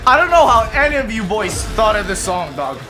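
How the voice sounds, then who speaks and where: A young man streaming games live, chatting casually and excitedly to his viewers and joking as he goes. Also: sits high, fairly quick. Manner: excitable, joking, keeps calling viewers boys and lads. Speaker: gaming streamer. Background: game and trailer music.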